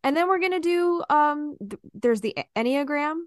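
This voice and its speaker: A woman co-hosting a podcast in casual chat, playful and expressive. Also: high-pitched, normal speed, no room sound, clean studio sound. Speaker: podcast co-host.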